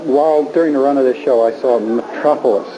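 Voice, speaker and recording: A man, an improviser, talking reflectively in an interview with many halting restarts. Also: medium pitch, lo-fi sound, music in the background.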